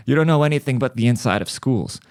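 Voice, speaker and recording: In a comedic podcast monologue, a man in his thirties from Germany, a native speaker of German, rants with profanity and sarcasm, slipping into mocking voices. His mid-range voice is fast with lively intonation, captured cleanly in a studio without echo.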